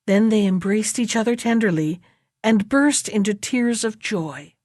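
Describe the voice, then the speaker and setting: A woman reading a fairy tale aloud in a slow, measured storybook manner. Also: medium pitch, darkish tone, dry recording, studio quality.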